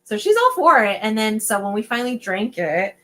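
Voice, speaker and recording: A woman's voice: fairly high pitch, a little fast, low-quality recording. A young woman, a podcast guest, telling a personal story in casual late-night chat. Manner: animated storyteller, acts out quotes.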